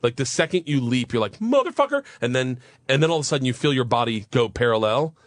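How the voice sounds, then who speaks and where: A man's voice: medium pitch, fast, no room sound. A man in his thirties telling a wild story on a radio talk show, swearing freely and acting out the voices of the people in it. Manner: animated, swearing, acts out voices in his stories. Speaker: guest storyteller.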